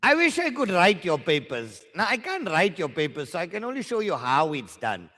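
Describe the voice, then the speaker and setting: A man's voice: sits high, huge pitch swings, normal speed, sharp tone, big-room sound. A South African man teaching maths at a live exam workshop, joking with learners in slangy banter.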